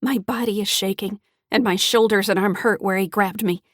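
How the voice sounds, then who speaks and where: A frightened teenage girl tells her own story in a shaky, pleading voice, as a woman reads the audiobook. Her pitch sits in the middle and the sound is dry and close to the mic. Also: steady tone, moderate pace, dry recording, close to an everyday voice. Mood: tense. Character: frightened teenage granddaughter, first-person narrator. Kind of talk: audiobook narration.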